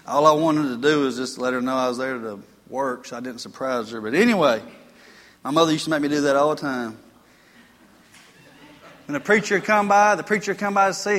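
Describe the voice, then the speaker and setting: A man's voice: fairly high pitch, a little fast, fairly bright tone. A man preaching a sermon, telling folksy stories and building to emphatic points. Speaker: pastor. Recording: long reverb of a church hall.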